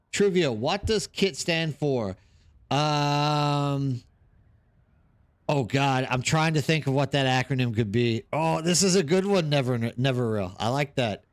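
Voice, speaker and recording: A man's voice: medium pitch, expressive, slow pace, long pauses. A man chatting casually on a live stream while gaming, rambling and reacting to chat. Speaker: streamer hosting a watch party.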